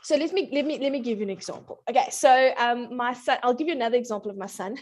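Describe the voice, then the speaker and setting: A woman's voice: on the high side, fast talker. A woman in her thirties, a parenting coach chatting on a talk show, telling family stories with frequent laughter. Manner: warm anecdotal, laughs often, acts out child voices. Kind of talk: casual talk show chat.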